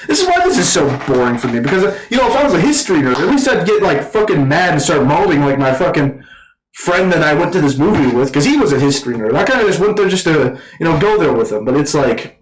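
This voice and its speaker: A man with a slightly high voice rants through a casual movie review, swearing in nearly every sentence. He rambles and restarts often, leaning on fillers as he goes. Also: big pitch swings, fast talker, echoey room, slight background noise, low-quality recording. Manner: profane, rambling, full of fillers. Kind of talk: casual ranting film review.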